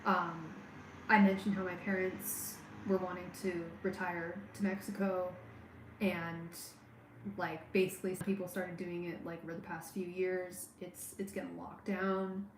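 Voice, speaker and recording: A woman giving a live tarot reading on a stream, speaking warmly and straight to the viewer, with many halting restarts and fillers. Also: fairly low pitch, level tone, reverberant, background noise. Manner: warm, personal, talks straight to the viewer. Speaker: tarot reader.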